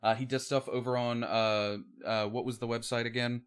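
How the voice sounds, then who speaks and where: A man's voice: mid-range voice, flat delivery, normal speed, clear, resonant tone. A man hosting a livestream interview in a casual, friendly way, with lots of ums and uhs. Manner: casual, friendly, filler-heavy. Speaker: host.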